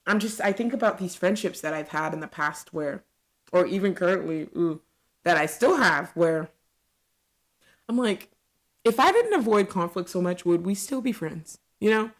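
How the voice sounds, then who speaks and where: A woman in her thirties hosting a solo podcast, talking candidly and reflectively, with lots of "like" fillers. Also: medium pitch. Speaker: podcast host.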